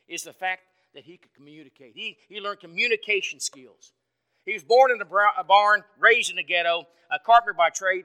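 A man preaching an evening sermon in a folksy, conversational way, asking the congregation questions and swinging from loud to soft. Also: high voice. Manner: dynamic, swings from loud to quiet.

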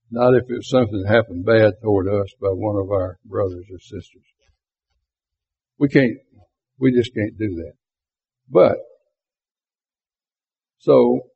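Man, Bible class teacher, husky, unhurried, tinny phone-like recording. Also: fairly low pitch. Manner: conversational, asks the class rhetorical questions.

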